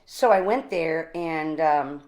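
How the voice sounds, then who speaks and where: A woman in her forties, energetic and animated, telling her recovery story in a casual interview, often laughing. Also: deep voice, slow. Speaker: guest.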